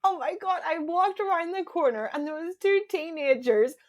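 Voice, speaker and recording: A woman from Northern Ireland co-hosting a podcast, telling stories in a giggly, animated way. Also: very high voice, normal speed. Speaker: podcast co-host. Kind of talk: casual chat.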